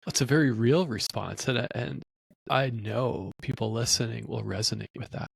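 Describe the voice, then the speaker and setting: A man's voice: mid-range voice, moderate pace, gravelly, breathy edge, dry recording. A middle-aged man hosting a podcast, speaking earnestly and supportively as he shares stories. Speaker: podcast host. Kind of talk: podcast conversation.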